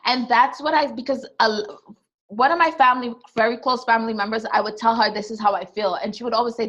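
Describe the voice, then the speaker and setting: A woman's voice: fairly high pitch, brisk, a bit bright, muffled recording. Trinidadian woman, candid and emphatic. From Trinidad and Tobago. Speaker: podcast co-host. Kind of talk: casual chat.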